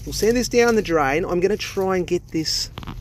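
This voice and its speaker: Australian plumber vlogging on his phone, casual and jokey, a bit higher voice, faint outdoor noise. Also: expressive, moderate pace. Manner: chatty and jokey, swears casually. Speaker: plumber filming his job. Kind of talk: casual on-the-job vlog. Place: outdoors at a drain. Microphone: handheld phone.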